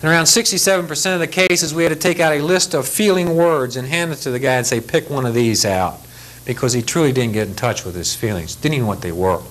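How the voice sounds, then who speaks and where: A man's voice: a little high, fast talker, hardly any pauses, fairly bright tone, rough recording. An older man delivers a safety lecture to pilots in a blunt, folksy way. He speaks plainly and acts out the people he quotes. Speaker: aviation safety instructor. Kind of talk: lecture briefing.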